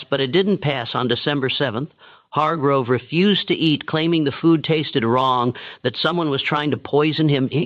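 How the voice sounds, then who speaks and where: A man giving steady, measured scripted narration of a dark historical story. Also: a little high. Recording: dull, dry, lo-fi sound.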